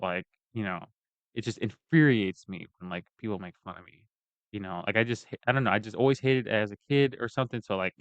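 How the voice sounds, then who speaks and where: A man's voice: lowish voice, a bit bright, dry recording. A man ranting in a casual, profane and rambling way as he tells a personal story. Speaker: vlogger giving a personal account. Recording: dull lo-fi dry recording.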